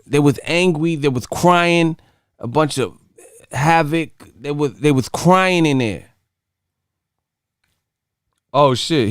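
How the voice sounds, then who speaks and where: A man's voice: medium pitch, smooth, no room sound, clean studio sound. A man hosting a casual livestream chat, joking with viewers and breaking into sung snippets and movie impressions. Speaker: livestream host.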